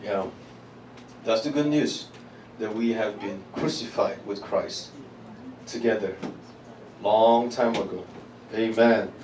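A male pastor preaching a sermon, drawing call-and-response from the congregation and building to loud declarations. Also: lowish voice, takes it slowly, pauses often, slight background noise. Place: church hall. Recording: echoey hall, miked from a distance, congregation audible.

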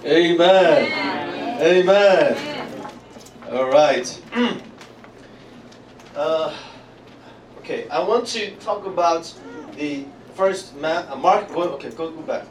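A male pastor preaching a sermon, drawing call-and-response from the congregation and building to loud declarations. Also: on the high side, animated, slow, pauses often, a little hiss or hum. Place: church hall. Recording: echoey hall, miked from a distance, congregation audible.

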